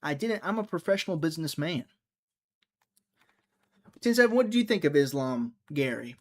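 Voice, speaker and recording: A man's voice: on the high side, expressive, moderate pace. A man hosting a casual livestream, rambling and joking as he answers viewers' chat comments. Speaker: livestream host.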